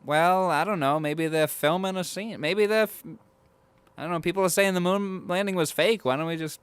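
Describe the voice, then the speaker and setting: A man's voice: high voice, a little fast, clear, resonant tone, no room sound. A man co-hosting a casual film podcast, thinking aloud in long rambling turns with restarts. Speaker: podcast co-host.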